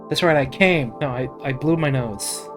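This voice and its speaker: A man's voice: mid-range voice, moderate pace, over music. A man hosting a let's play, talking in an emotional, rambling, casually profane way about the game. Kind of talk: casual gameplay commentary.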